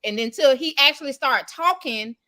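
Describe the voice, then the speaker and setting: A woman telling funny stories in a casual podcast chat, animated and quick. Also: high voice. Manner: animated storyteller, quick bursts. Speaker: podcast co-host.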